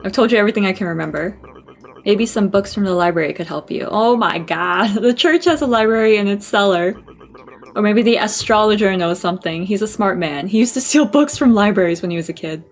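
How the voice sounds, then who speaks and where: A woman's voice: medium pitch, expressive, fairly quick, close to an everyday voice. A woman reading as a blunt talking skull man. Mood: blunt advice. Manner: reads game dialogue aloud plainly.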